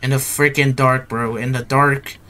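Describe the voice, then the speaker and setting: A man's voice: medium pitch, flat delivery, normal speed, sharp tone, a little hiss or hum. A young man giving casual horror game commentary, nervous and jittery, repeating himself and tacking "bro" onto his lines. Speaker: gaming YouTuber.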